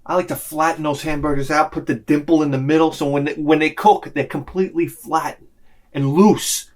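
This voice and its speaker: A middle-aged man riffs in a casual comedic monologue, ranting with real animation and acting out bits in other voices. His voice sits a little higher than most men's. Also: steady tone, a little fast. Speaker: vlogger.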